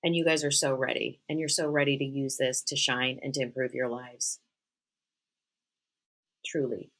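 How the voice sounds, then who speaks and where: A woman with a low voice hosts a solo spiritual podcast. She talks straight to her listeners, earnest and encouraging. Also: flat delivery, moderate pace, a bit bright. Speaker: podcast host, spiritual medium.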